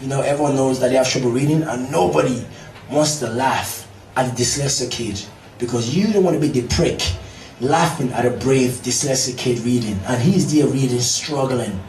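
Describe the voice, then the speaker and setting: A man's voice: medium pitch, moderate pace, a little mellow, far from the mic, a little hiss or hum. A man performing a stand-up routine in a comedy club, swearing freely and talking straight to the crowd. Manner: profane, addresses the crowd directly. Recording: roomy club recorded from afar with crowd.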